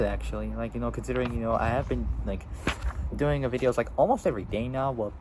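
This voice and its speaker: A man's voice: mid-range voice, steady tone, brisk, background noise. A seventeen-year-old boy vlogging outdoors, rambling casually with lots of fillers and restarts. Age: teens. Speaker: YouTuber. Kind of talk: casual vlog.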